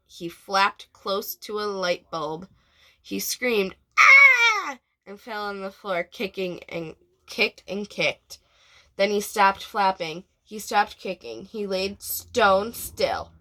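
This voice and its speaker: A woman, a preschool teacher, reading a storybook aloud to children in an expressive way and asking them questions. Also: medium pitch, takes it slowly.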